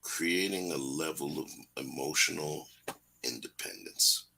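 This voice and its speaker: A man's voice: very deep voice, lively intonation, a little slow, creaky, pushed and bright, slightly rough. A man hosting a casual talk show, telling stories with slang in a laid-back, preachy way. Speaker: host.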